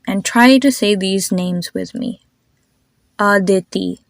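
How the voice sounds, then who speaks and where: Woman teaching pronunciation, talks really slow and careful, dry close sound. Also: medium pitch, no echo. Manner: slow, deliberate, demonstrates sounds and repeats them. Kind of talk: pronunciation lesson.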